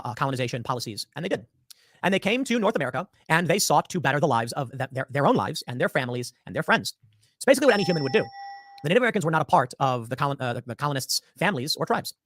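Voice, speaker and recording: A man giving opinionated political commentary in a rapid, emphatic, lecturing manner. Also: on the high side, fairly bright tone, no room sound, clean studio sound.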